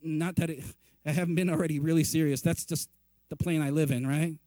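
A male pastor preaching a sermon in a conversational, animated way, acting out quoted reactions and often asking "right?". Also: fairly high pitch, a little fast, no room sound. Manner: conversational, repeatedly asks "right?".

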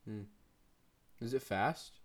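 A man's voice: mid-range voice, slow pace. Brief: teen boy podcast co-host, casual slangy chatter, laughs a lot. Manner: slangy, laughs often, rambling. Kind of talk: casual chat between friends.

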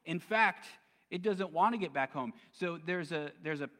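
A man's voice: on the high side, normal speed, sharp tone, long reverb tail. A man preaching a sermon as pastor, conversational and casual, with plenty of slang. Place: church sanctuary.

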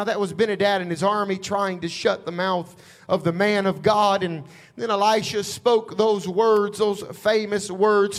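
A man preaching a sermon, retelling a scripture story dramatically and building to loud shouts. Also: high voice, steady tone, measured pace.

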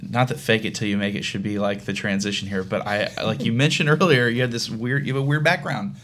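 A man's voice: lowish voice, steady tone, fast talker, a bit bright. A man hosting a podcast who asks the guest questions in a loose, casual way. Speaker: podcast host. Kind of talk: casual interview chat.

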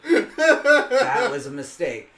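A man's voice: very high voice, huge pitch swings, very slow, echoey room, noisy background. Young man telling crude stories. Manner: crude storytelling, heavy swearing. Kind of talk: casual chat.

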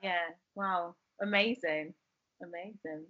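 A woman co-hosting a podcast interview, answering softly and admiringly. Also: on the low side, fairly even intonation, slow, dry recording, dull audio. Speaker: podcast co-host. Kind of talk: casual interview chat.

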